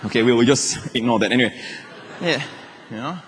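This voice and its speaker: A male pastor preaching a sermon in an emphatic way, repeating phrases and moving between shouts and quiet asides. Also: mid-range voice, a little fast, a faint crowd, a little hiss or hum. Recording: long reverb of a large hall.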